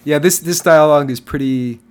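A man in casual chat, animated and swearing, mocking movie dialogue in put-on voices. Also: on the high side, brisk, smooth.

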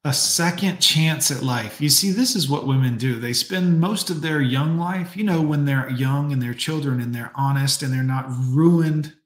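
A man's voice: fairly high pitch, moderate pace, hardly any pauses, roomy sound. A man streaming live, mocking clips with sarcastic commentary and talking to his chat.

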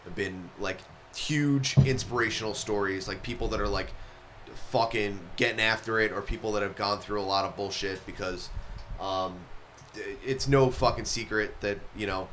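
A man hosts a podcast in a low but bright, forceful voice. He talks bluntly and crudely, swearing freely. Faint noise sits behind him. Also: normal speed. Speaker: podcast host. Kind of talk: casual chat.

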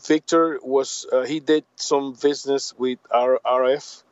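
A man from Puerto Rico, a native Spanish speaker with a Puerto Rican accent, talking in a casual interview in halting, repetitive English. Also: mid-range voice, fairly even intonation, no room sound, muffled recording. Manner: halting, repeats words, drops grammar. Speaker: guest.

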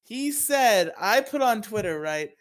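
A man's voice: high voice, very animated, unhurried. A male podcast co-host in loose, casual banter. He jokes around, swears freely and laughs often.

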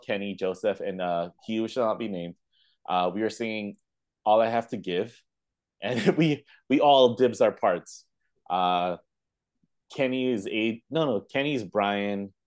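A man co-hosting a podcast, telling animated stories in casual chat with lots of fillers. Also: on the low side. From Canada. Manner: animated storytelling with laughs and fillers. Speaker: podcast co-host.

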